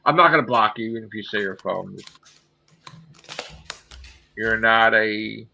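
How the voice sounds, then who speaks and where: A man co-hosting a casual streamed podcast, pitching a story idea with excitable, profane energy and a habit of checking in with "right?" after each point. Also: unhurried, gravelly, muffled recording, slight background noise. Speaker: podcast co-host.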